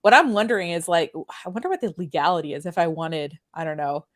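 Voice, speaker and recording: A woman's voice: fairly low pitch, expressive, fast. A woman with a French Canadian accent hosting a casual chat, rambling with many fillers. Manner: chatty, rambling, lots of fillers. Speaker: host.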